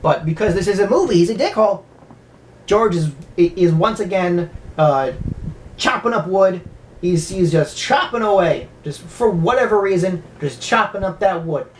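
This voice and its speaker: A woman's voice: fairly low pitch, expressive, normal speed, a little hiss or hum. A woman casually recapping a horror movie, rambling, stammering often and swearing freely. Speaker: movie reviewer.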